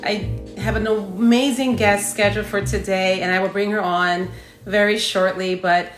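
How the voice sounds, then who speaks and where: A woman's voice: mid-range voice, fairly even intonation, normal speed, over music. Effusive woman livestream host, echoey room. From Philadelphia. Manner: effusive, greets viewers by name. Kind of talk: casual livestream talk.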